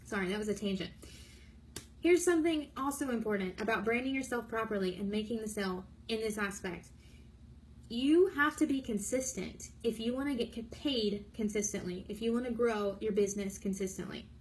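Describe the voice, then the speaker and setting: A young woman giving an energetic, blunt motivational training talk to camera, bubbly and emphatic. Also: fairly high pitch, brisk, a little hiss or hum, poor audio. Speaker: direct sales trainer.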